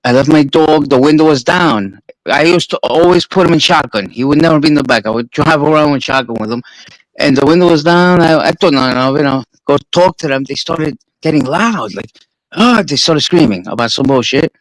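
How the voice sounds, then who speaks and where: A man's voice: fairly high pitch, a little fast, no room sound, low-quality recording. A man with a New York accent, a streamer swapping stories in a casual, profane chat. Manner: profane, animated storyteller.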